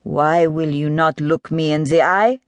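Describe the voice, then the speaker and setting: A woman's voice: sits low, fairly even intonation, unhurried, dry recording. A woman voicing a wealthy, composed French male boss, with a French accent, speaking tersely and formally.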